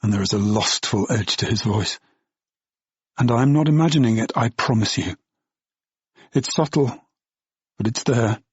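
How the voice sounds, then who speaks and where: Husky, brooding male audiobook narrator. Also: lowish voice, dry recording, muffled recording. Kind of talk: first-person audiobook narration.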